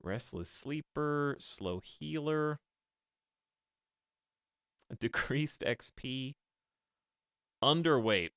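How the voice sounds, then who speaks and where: A man's voice: medium pitch, animated, very slow, pauses often, a bit bright, dry recording, clean studio sound. A man streaming a video game, chatting casually and thinking aloud as he plays, often laughing at his own jokes. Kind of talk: casual gameplay commentary.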